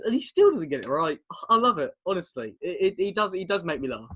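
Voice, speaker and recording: A man's voice: high-pitched, big pitch swings, a little fast, sharp tone, breathy edge. A young man in his twenties with an English accent, co-hosting a casual podcast chat over a video call, chatty and laughing often as he tells stories. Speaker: podcast co-host.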